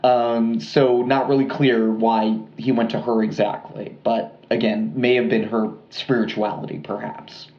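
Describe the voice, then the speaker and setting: A man co-hosting a podcast, telling a true-crime story in a casual, relaxed way with lots of fillers and asides. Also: medium pitch, unhurried, few pauses, reverberant, muffled recording. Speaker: podcast co-host.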